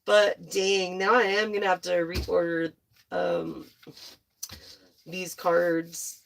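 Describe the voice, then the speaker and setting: A young woman giving a casual, excitable tarot reading to her viewers, gushing and swearing freely. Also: lowish voice, slow pace, vocal fry. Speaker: tarot reader.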